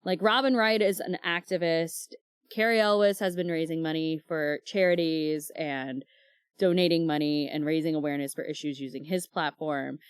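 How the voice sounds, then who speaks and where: Chatty woman podcast co-host, low-ish voice. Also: fairly even intonation, normal speed, clean tone, no room sound, studio quality. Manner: chatty storyteller, many fillers, acts out quoted dialogue. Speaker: book club podcast co-host. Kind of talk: casual chat.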